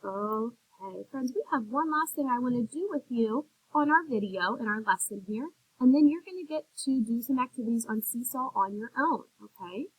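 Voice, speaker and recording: A woman teaching a recorded phonics lesson to young children, sounding out words slowly and clearly in an encouraging teacher's manner. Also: a little high, lively intonation, no room sound, poor audio.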